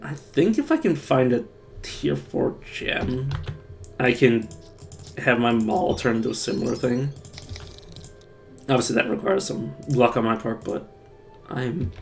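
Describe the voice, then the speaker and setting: A man's voice: mid-range voice, expressive, a little slow, gravelly, pauses often, soft background music. A man streaming a game live, thinking aloud in a rambling, self-mocking way. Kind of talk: casual live-stream gameplay commentary.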